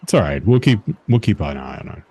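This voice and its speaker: Very deep, dark-voiced man at a game table. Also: sing-song, fast, gravelly, breathy edge. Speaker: player. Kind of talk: casual tabletop play.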